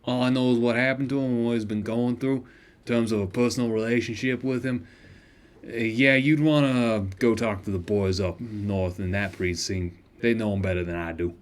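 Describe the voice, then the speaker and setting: A man doing a gruff, blunt city guard. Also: medium pitch, fairly even intonation, normal speed, lightly acted.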